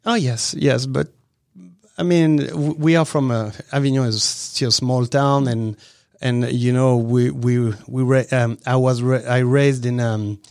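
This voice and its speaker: A man's voice: medium pitch, steady tone, a little mellow, no room sound. Brief: French-accented man, native French speaker, hesitant broken English, chuckles between phrases, close dry recording. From southern France. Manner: halting, searching for words, frequent restarts and chuckles. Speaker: restaurant owner, guest. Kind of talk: casual interview conversation.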